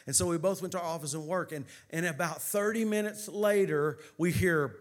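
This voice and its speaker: A man's voice: a little high, brisk. Man preaching a sermon. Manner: builds from hushed storytelling to loud preaching. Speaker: pastor. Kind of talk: sermon storytelling.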